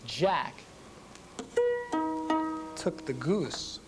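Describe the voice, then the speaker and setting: A man's voice: medium pitch, lively intonation, extremely slow, rough recording. A man, a music teacher, reading a rhyming children's story in a sing-song way. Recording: reading with instruments playing.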